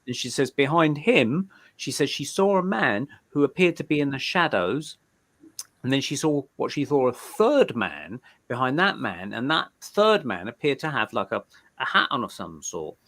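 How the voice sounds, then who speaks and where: A man's voice: mid-range voice, very animated, moderate pace, fairly bright tone. A man, a guest medium, chatting in a live interview, telling stories loosely and often repeating words as he starts a sentence. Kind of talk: casual storytelling in a live interview.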